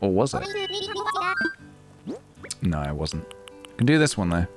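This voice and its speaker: Guy streaming a game, chatty and giggly, super lively voice, music going. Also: low voice, a little slow. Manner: chatty, giggly, self-mocking. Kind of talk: casual gameplay commentary.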